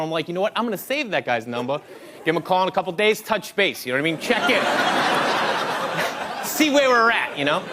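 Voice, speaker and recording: A man performing stand-up, his voice high and swinging widely as he acts out the people in his story. Audience laughter and a crowd murmur sit behind him, with noise on the recording of the live set. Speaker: stand-up comedian.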